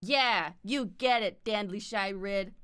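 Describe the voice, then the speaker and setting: Woman streamer, standard North American accent, slight lisp, rambling casual chat full of fillers and offhand swearing, crisp tone. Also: medium pitch, takes it slowly, a bit bright. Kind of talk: casual chat with live viewers.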